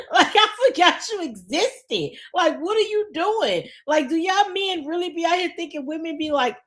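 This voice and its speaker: A woman's voice: very high-pitched, measured pace. A woman hosting a podcast in casual chat, venting bluntly with lots of swearing and laughing at her own stories. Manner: animated venting. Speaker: podcast host.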